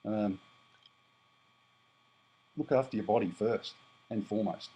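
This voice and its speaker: A man's voice: lowish voice, unhurried, warm tone, husky, lo-fi sound. An Australian man in his fifties, talking bluntly and rambling as he vlogs to his viewers, often correcting himself. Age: 50s. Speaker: prepper vlogger. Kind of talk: casual monologue to camera.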